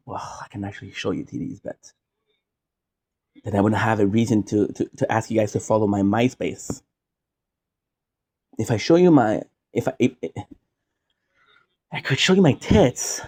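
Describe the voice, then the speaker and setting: A man's voice: on the low side, moderate pace, pauses often, warm tone, husky. A man from Quebec, chatting casually and jokingly, drifting off on side tangents as a streamer. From Quebec, Canada. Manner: rambling, jokey, goes off on side tangents. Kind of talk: casual rambling monologue.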